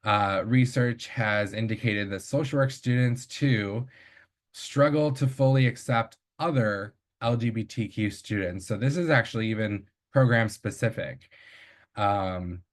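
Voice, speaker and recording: Low-voiced man giving an academic talk. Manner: measured, with fillers and self-corrections. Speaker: presenter. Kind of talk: academic presentation.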